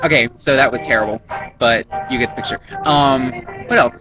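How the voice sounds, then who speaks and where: A young man talks straight to his camera in a loose, rambling vlog chat, often doubting himself as he goes. His pitch sits in an ordinary middle range. Clear music plays behind him the whole time. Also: normal speed, poor audio. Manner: rambling and self-conscious. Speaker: YouTuber. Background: music playing in the background.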